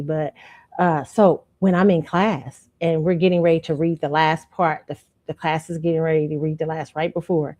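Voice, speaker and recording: A woman host with a lowish voice, chatting through a personal story. She talks in a lively, animated way and keeps turning to her listeners as y'all. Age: adult student. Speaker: show host. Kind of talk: casual storytelling commentary.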